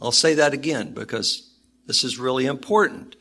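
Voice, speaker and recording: A male minister preaching a sermon to a congregation with animated storytelling and emphatic repetition. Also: medium pitch, moderate pace, gravelly. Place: church with congregation.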